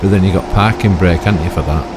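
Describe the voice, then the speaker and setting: A man's voice: low voice, fast talker, very noisy. An older man giving rambling, chatty commentary on his own gameplay, full of tag questions and self-mocking asides. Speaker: gaming YouTuber.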